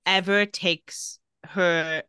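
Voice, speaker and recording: Bright animated woman podcast host. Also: on the low side, smooth, no echo, studio quality. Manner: animated, laughs often, quotes characters in quick voices. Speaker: podcast co-host recapping a TV episode. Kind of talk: casual chat, retelling scenes.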